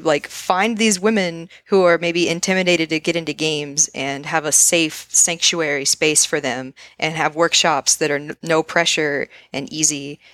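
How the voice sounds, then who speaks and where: A woman guest on a podcast, talking casually with a relaxed, friendly manner and many fillers. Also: low-pitched, no room sound, clean studio sound. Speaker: podcast guest, game developer. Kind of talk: casual interview chat.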